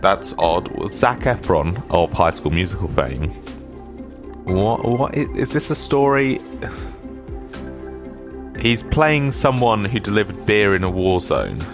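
A man's voice: lowish voice, very animated, takes it slowly, pauses often, music in the background. A man hosting a casual radio show and reading the weather. He rambles with chatty, self-deprecating asides and sounds slightly stuffy from a cold.

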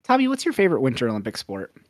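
A man's voice: mid-range voice, wildly swooping pitch, rapid-fire, darkish tone, no echo, studio quality. A young man hosting a podcast in casual chat, rambling and upbeat, often correcting himself. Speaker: podcast host.

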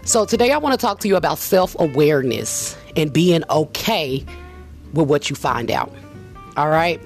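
A woman with a low voice talks straight to her listener in a chatty, emphatic pep talk. She hosts her own casual show, and faint music plays behind her. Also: expressive, normal speed. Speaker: vlogger, show host. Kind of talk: casual motivational monologue.

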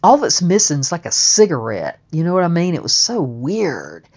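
A woman's voice: fairly low pitch, wildly swooping pitch, moderate pace, darkish tone, slightly rough, dull audio. A woman telling a first-person story in a blunt, emphatic way, with plenty of swearing.

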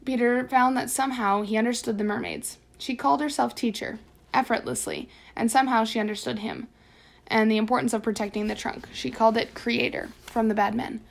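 A woman reads a children's adventure novel aloud, chapter by chapter, with expressive storytelling. Her voice sits a little high and carries a noticeable gravelly fry. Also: fairly quick. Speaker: audiobook narrator.

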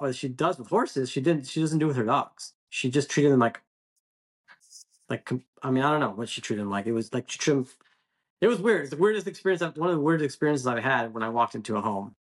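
A man's voice: medium pitch, expressive, a little fast. Rambling man with a mid-range voice. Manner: rambling, full of fillers and restarts. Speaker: podcast co-host and dog trainer. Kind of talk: casual podcast chat.

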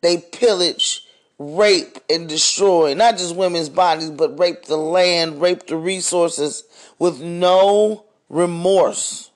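Podcast guy going off, high-pitched, cussing and fired up. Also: slow pace. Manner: blunt, profane, heated. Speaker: podcast host. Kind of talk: ranting monologue.

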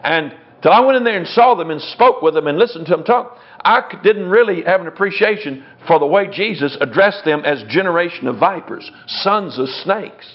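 A man's voice: high-pitched, expressive, moderate pace, few pauses. A man teaching a sermon verse by verse, blunt and scornful in his emphatic preaching. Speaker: Bible teacher. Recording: dull lo-fi recording.

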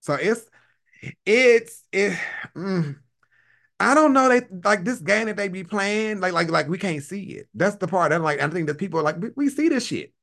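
A man hosting a livestream, chatting in an animated, profane way and laughing often. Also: high-pitched, moderate pace, vocal fry. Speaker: livestream host. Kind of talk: casual commentary chat.

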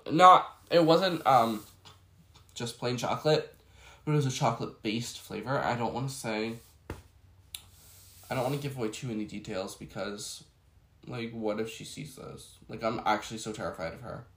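Brief: congested man, mid-pitched, chatty and exasperated, recorded in an echoey room. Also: normal speed, creaky, fairly bright tone. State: stuffy from a cold. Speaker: vlogger. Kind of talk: casual storytelling chat.

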